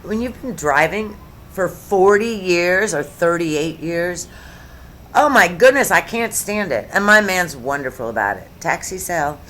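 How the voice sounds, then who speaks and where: A woman's voice: fairly low pitch, expressive, a little slow, a bit bright, a little hiss or hum. A woman in her fifties talking casually to camera at home, chatty and sarcastic, drifting between topics. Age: 50s. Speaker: YouTube commentary host. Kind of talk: casual rambling commentary to camera.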